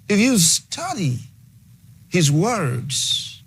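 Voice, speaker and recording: A man's voice: on the high side, animated, unhurried, long pauses, a little hiss or hum. A male pastor preaching a sermon, emphatic, repeating key phrases and dwelling on exclamations.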